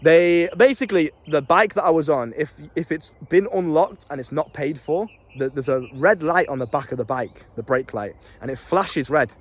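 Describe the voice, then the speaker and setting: A young British man telling a story in a casual, animated way, laughing often and swearing freely. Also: fairly high pitch, normal speed, few pauses. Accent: British English. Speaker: self-improvement YouTuber.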